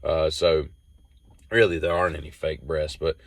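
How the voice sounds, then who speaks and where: A man's voice: a bass voice, flat delivery, normal speed, dry recording. A man, hosting a rambling solo monologue and telling off-the-cuff stories that wander. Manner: meandering, off-the-cuff storytelling. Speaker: host.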